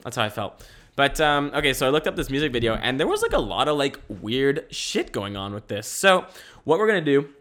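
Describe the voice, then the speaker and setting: A man's voice: mid-range voice, huge pitch swings, a little fast, a bit bright. A young man hosting a casual solo podcast from home, rambling with restarts and swearing. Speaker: podcast host. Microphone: camera mic.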